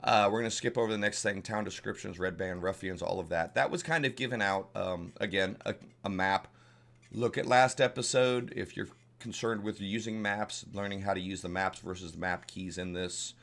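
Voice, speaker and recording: In a casual tabletop-gaming tutorial, an older man with a Southern US accent speaks in a low, slightly bright voice with vocal fry. His pace is moderate and his intonation fairly even, while his folksy delivery rambles with frequent fillers and restarts.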